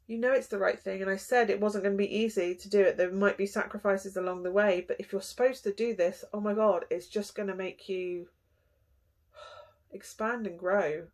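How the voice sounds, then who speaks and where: A woman's voice: mid-range voice, moderate pace. Chatty woman reading tarot. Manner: chatty, animated, frequent sighs and gasps. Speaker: tarot reader.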